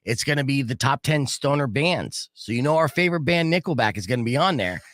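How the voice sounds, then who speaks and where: Animated, joking male radio host. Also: mid-range voice, brisk, no room sound, studio quality. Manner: animated, joking, swears casually. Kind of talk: morning radio banter. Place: radio studio. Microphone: studio microphone.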